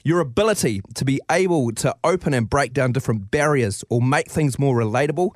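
A man's voice: mid-range voice, fairly quick, no room sound, studio quality. A man with a New Zealand accent, a radio co-host giving a sincere, slightly emotional tribute on air.

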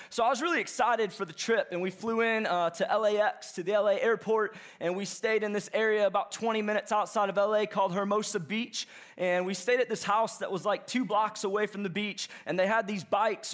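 A young adult man preaching a sermon, telling a story in an animated, chatty way. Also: high-pitched. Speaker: pastor.

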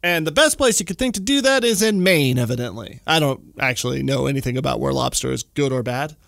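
A man's voice: brisk, gravelly, no room sound, studio quality. A man hosting a casual solo podcast, telling a trip story and ranting, with big jumps in his voice. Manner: animated, exaggerated jumps in pitch when ranting. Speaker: podcast host.

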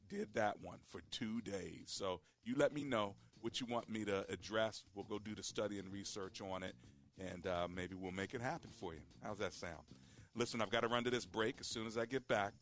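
A man's voice: on the low side, normal speed, fairly bright tone. A man hosting a call-in radio show, a preacher who talks to listeners directly and repeats key points.

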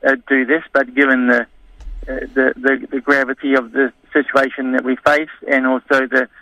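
A man answers interview questions haltingly, full of ums and restarts. His voice is crisp and tense but stays very flat in pitch. The sound is dry and close. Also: no room sound, rough recording. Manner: hesitant, many fillers and restarts. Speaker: interview guest. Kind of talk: conversational interview.

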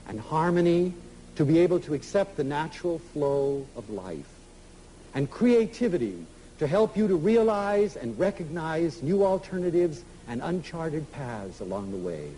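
A man giving an inspirational public lecture, emphatic and animated, acting out little dialogues as he speaks. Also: on the high side, a little hiss or hum, rough recording. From United States.

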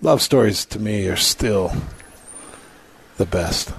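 A man's voice: fairly low pitch, expressive, takes it slowly, creaky, husky. A man co-hosting a sports radio show, chatting in an enthusiastic, rambling way. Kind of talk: casual sports radio banter.

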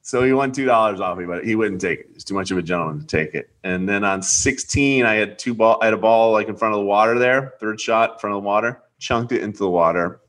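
Young male host, forceful, bright tone, animated storyteller. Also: fast, few pauses. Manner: animated, acts out quotes with big jumps up in pitch. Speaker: podcast host. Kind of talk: casual storytelling.

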